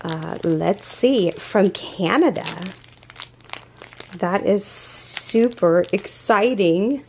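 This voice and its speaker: A woman hosting a crochet channel, chatting through a casual unboxing vlog in an excitable, gushing way, rambling with fillers and restarts. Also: medium pitch, extremely slow, slight background noise.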